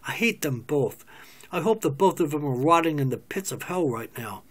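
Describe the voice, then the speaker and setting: A man's voice: fairly high pitch, expressive, normal speed, a bit bright. This is a bitter, desperate woman, read by a man in a play reading. She sounds anguished, and her hurt keeps erupting into raw fury. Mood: bitter outburst. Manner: anguished, outbursts of raw anger.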